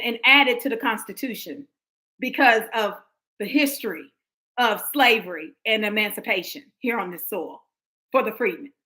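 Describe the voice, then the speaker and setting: A woman's voice: on the high side, sharp tone, rough recording. An American woman hosting a livestream commentary, talking emphatically to her viewers with frequent restarts. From United States. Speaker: livestream host.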